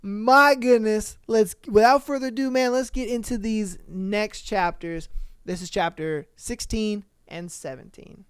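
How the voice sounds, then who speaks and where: Podcast host, loose slangy recap full of curses and fillers, smooth clear voice, dry close mic. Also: medium pitch, fairly even intonation, unhurried, darkish tone, no echo. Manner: rambling, slangy, cursing freely; frequent fillers and self-corrections. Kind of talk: casual story recap.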